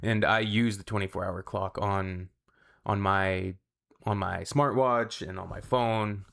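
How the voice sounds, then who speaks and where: A man's voice: fairly low pitch, fairly even intonation, measured pace, vocal fry, fairly bright tone. A man hosting a reaction channel, chatting casually with wry, sarcastic asides. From Canada.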